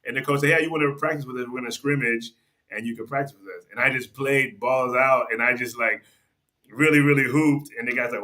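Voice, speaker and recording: A man's voice: medium pitch, fairly even intonation, fast talker, sharp tone. A middle-aged man, a podcast guest, telling a casual story and acting out quoted dialogue in a raised voice.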